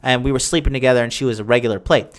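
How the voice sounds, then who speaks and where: A man's voice: mid-range voice, steady tone, racing. A young man hosting a podcast, talking crudely and boastfully in a rambling casual monologue. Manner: rambling, with many fillers and restarts. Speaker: podcast host answering listener questions.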